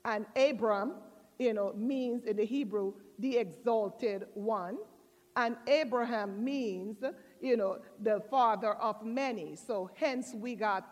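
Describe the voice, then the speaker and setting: A woman pastor preaching a sermon, telling stories with drawn-out, expressive emphasis. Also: on the high side. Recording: long church reverb.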